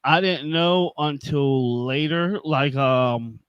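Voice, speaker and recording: A man with a slightly high voice speaks on a dry close mic, telling his stories in a laid-back, joking way. He is a veteran pro wrestler guesting on a casual podcast. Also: slow pace, smooth, dry recording, muffled recording. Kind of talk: casual interview chat.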